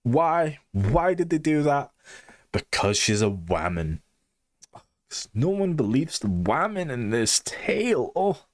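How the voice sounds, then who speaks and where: A man's voice: medium pitch, very animated, slow pace, no room sound, clean studio sound. A young man giving a blunt, sarcastic and sweary review of a TV show in a casual, opinionated way.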